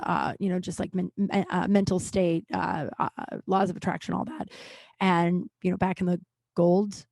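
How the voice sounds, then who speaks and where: A woman hosts a solo podcast in a casual, rambling monologue, full of swearing and restarted sentences. Her pitch sits in a middle range for a woman. The sound is dry and close, with no room echo. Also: a little mellow. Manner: candid and profane, motivational, rambling with many restarts. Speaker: podcast host.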